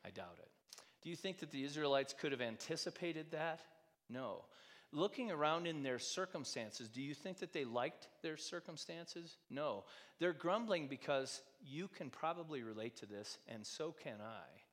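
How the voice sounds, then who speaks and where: A man preaching a sermon in a conversational way, asking the congregation many rhetorical questions and swinging between loud and soft. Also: a little high, lively intonation, moderate pace. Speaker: pastor. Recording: long hall reverb.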